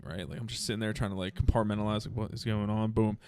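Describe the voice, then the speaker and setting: A man's voice: on the low side, very fast, slight background noise. A man in his twenties with an American accent, co-hosting a podcast and telling a rambling story full of swearing. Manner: animated storyteller, acts out voices, swears freely. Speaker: podcast co-host. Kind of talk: casual storytelling chat.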